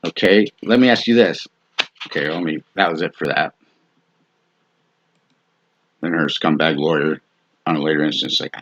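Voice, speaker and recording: A man's voice: a bass voice, steady tone, moderate pace, pauses often, a bit bright, dry recording, muffled recording. A man recounting in a casual, blunt, profane and scornful way.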